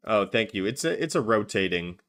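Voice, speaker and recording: A man's voice: on the low side, lively intonation, fairly quick, a bit bright. A man co-hosting a gaming podcast in a casual, chatty way, with plenty of ums and uhs. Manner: chatty, filler-heavy, upbeat. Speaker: podcast co-host.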